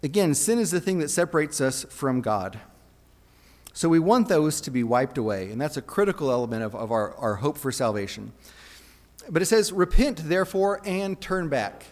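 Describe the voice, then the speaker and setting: A man's voice: mid-range voice, very animated, normal speed. A man preaching a sermon in an earnest, conversational way, often restarting his phrases. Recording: long reverb of a hall.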